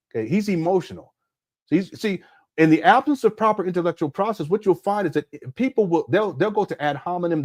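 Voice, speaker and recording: Laughing often and speaking emphatically to his chat, a middle-aged livestream commentary host keeps things casual. He has a fairly high voice with a darkish tone.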